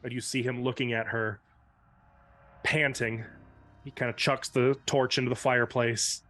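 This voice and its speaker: Man narrating a dark tabletop scene. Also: medium pitch, level tone. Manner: measured, descriptive storytelling. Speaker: game master.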